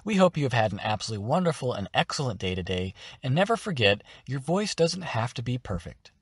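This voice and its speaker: A man's voice: medium pitch, big pitch swings, fast, breathy edge, no room sound, studio quality. A man hosting a voice-acting tutorial, explaining steps in an upbeat, encouraging way. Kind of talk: instructional narration.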